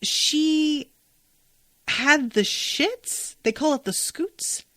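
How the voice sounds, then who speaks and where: A woman's voice: a little high, no room sound. A woman hosting a podcast and recapping a TV episode in a casual, gushing way, and she swears freely. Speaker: podcast host.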